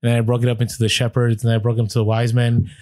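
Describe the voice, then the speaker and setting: A man with a Latino accent, chatting easily as a podcast co-host. His pitch is mid-range, and the sound is close and dry. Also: monotone, very fast, warm tone, no room sound. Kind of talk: casual podcast chat.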